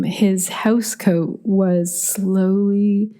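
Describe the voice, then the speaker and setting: Mellow-voiced woman podcast host. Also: mid-range voice, fairly even intonation, very slow, few pauses. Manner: chatty, storytelling, laughs easily. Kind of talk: solo podcast monologue.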